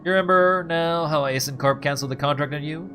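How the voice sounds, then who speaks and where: A man's voice: a little high, fast talker, pitched above the performer's own voice, close to an everyday voice. A man voicing a jittery, scruffy male ex-bounty hunter, talking sarcastically and pleading, as he reads game dialogue aloud. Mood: edgy.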